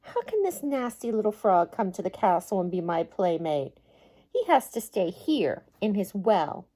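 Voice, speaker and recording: Woman doing a pouty, girlish storybook princess with a lively, swooping voice. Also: medium pitch, unhurried. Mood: impatient. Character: young spoiled princess, pouty and impatient.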